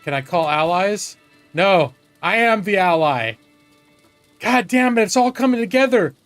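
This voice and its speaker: Man, slightly higher voice, live game commentary, casual and swearing, faint music behind. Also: animated, a little slow, a bit bright. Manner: casual, swearing, talks to chat. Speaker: streamer playing a strategy game.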